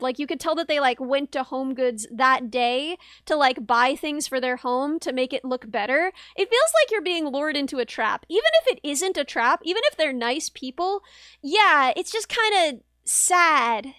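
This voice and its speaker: A woman's voice: high voice, animated, unhurried, bright, forceful tone, no echo, clean studio sound. A young woman streamer telling a rambling, wry story in casual chat, with lots of fillers. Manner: chatty, rambling, wry, with laughs and many fillers. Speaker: vtuber streamer.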